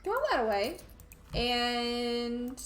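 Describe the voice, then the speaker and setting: A woman's voice: fairly high pitch, drawn-out words, fairly bright tone. Young woman, Tennessee Southern accent, streamer, chatty, roomy echo, faint music behind. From Tennessee, USA. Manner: chatty, talks to the game and chat. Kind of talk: casual gameplay chat.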